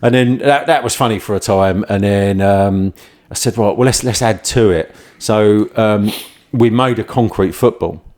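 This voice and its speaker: A man, somewhat low-pitched, tells long, rambling stories in a loose podcast chat. He laughs through his own tales and slips into quick voices for the people in them. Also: a little mellow. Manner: rambling anecdotes, laughs often, acts out voices in quotes. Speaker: podcast host and former firefighter. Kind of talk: casual storytelling chat.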